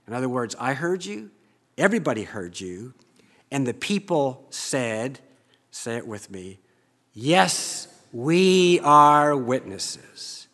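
A man preaching a sermon, reading scripture aloud and leading the congregation in spoken responses, rising loud on key phrases. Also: medium pitch, very animated, unhurried. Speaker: pastor. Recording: reverberant church hall.

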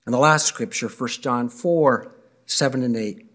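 A man, a pastor, reading scripture and giving a blessing in a measured, earnest way. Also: mid-range voice, a bit bright.

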